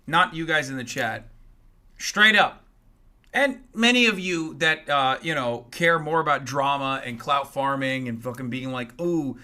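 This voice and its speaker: Man, streamer, angry profane rant, sarcastic, high voice. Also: bright, forceful tone. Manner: mocks critics in exaggerated voices. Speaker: political commentator and Twitch streamer. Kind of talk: livestream rant.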